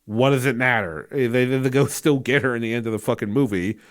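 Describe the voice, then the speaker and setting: A man's voice: medium pitch, fairly quick. A man giving a casual spoken movie review, incredulous and exasperated, rambling with fillers and restarts and swearing freely.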